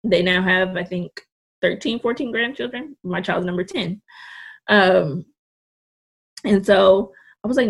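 A woman's voice: mid-range voice, measured pace, gravelly, pauses often, slightly rough. A young woman in her twenties, a podcast guest, telling a story in casual, candid, blunt talk and swearing freely. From California Bay Area.

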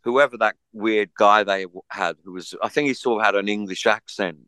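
A man's voice: fairly low pitch, a little fast, sharp tone, smooth, dry recording. An Australian man in his sixties, telling rambling anecdotes in a casual interview and slipping into mocking voices. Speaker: interview guest, musician.

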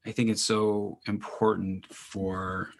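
A man's voice: fairly low pitch, flat delivery, takes it slowly, creaky, noisy background. A man hosting a podcast, chatting loosely and rambling with lots of fillers. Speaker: podcast host. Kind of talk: casual interview chat.

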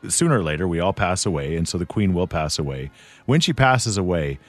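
A man's voice: low-pitched, expressive, fairly quick, soft background music. A man hosting a podcast in easygoing, self-deprecating casual chat. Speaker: podcast host.

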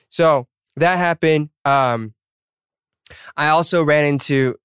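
A man's voice: a little high, slow, a bit bright, clear, resonant tone, dry recording, clean studio sound. A man in his thirties hosting a podcast in casual chat, rambling with lots of fillers and laughing at himself. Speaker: podcast host.

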